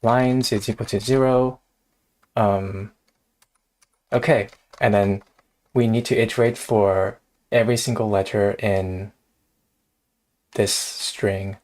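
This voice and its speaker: A man's voice: lowish voice, steady tone, slow pace, long pauses, a little mellow. A man hosting a casual live coding stream, thinking aloud in a hesitant way and often laughing. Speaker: streamer host.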